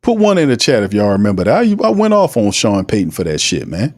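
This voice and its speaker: Low-voiced sports podcaster ranting. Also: male voice, huge pitch swings, fast, darkish tone, dry recording, studio quality. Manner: heated, ranting, repetitive. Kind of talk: casual livestream commentary.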